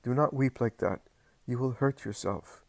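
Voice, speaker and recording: A man voicing a gentle, motherly woman soothing someone in a read-aloud story. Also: medium pitch, moderate pace, gravelly, dry recording, close to an everyday voice. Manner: soft, soothing.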